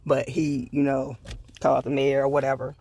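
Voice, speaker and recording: A man's voice: mid-range voice, monotone, moderate pace, vocal fry, a little mellow. A man giving a casual, blunt TV episode review, swearing freely and repeating his points for emphasis. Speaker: TV show reviewer.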